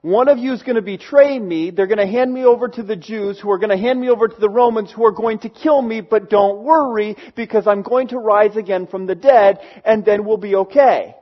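A man voicing Jesus as a calm, patient teacher, explaining in a plain conversational way. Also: sits high, a little fast, few pauses, dull audio. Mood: reassuring.

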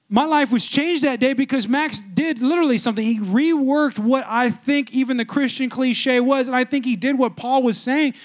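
High-voiced preacher. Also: male voice. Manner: animated storytelling preacher, talks to the room directly. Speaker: pastor. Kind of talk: sermon.

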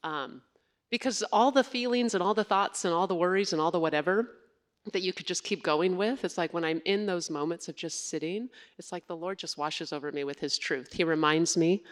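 A woman's voice: lowish voice, brisk. A woman who serves in family ministry and raises two kids, sharing her faith story in an earnest, reflective way during a church interview. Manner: earnest, reflective, with soft laughs.

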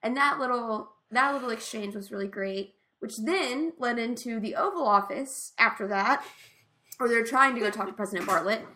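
Her voice is fairly high, bright and pushed, moving at a normal pace. As a podcast co-host, she chats eagerly through a TV episode recap, reliving her favorite scenes between frequent laughs.

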